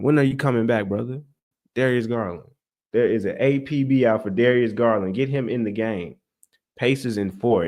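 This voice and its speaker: Animated young man ranting about basketball. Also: mid-range voice, creaky. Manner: animated, exasperated, talks to chat directly. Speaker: sports podcast host. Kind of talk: casual livestream sports talk.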